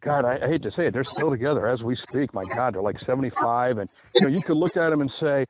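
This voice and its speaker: A man's voice: mid-range voice, expressive, dry recording. Rambling opinionated man on a tinny line. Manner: rambling, opinionated, drawn-out emphasis. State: out of breath. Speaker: podcast host. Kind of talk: casual monologue. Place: outdoors by a river. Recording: tinny phone-like audio with background noise.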